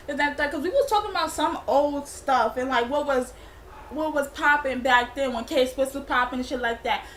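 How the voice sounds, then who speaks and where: A woman's voice: high voice, a little fast, fairly bright tone, slight background noise. A young woman telling a rambling, slangy storytime for her vlog. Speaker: vlogger. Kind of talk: casual storytime.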